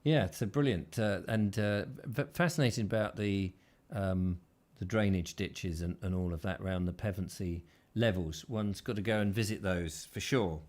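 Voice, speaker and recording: A man hosts a loose, chatty show, rambling through his thoughts with plenty of ums and restarts. His voice sits on the low side. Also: moderate pace, a little mellow. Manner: rambling, hesitant, full of fillers and restarts. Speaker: host. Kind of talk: casual chat.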